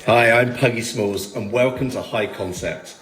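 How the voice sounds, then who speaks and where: A man's voice: medium pitch, normal speed, a bit bright, lightly acted. A man voicing a cheerful male pet pug with a British accent, giving a friendly recorded greeting. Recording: echoey club room with music.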